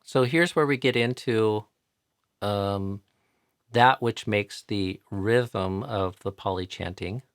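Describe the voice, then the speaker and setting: An American man teaching chanting pronunciation patiently in a live online tutorial, repeating each sound slowly to demonstrate it. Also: lowish voice, smooth, no room sound, clean studio sound. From United States.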